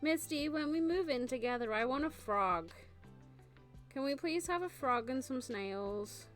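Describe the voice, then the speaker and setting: A woman's voice: high voice, animated, measured pace. A woman chatting casually on a live stream, gushing and laughing often. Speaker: vtuber streamer. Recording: faint background music.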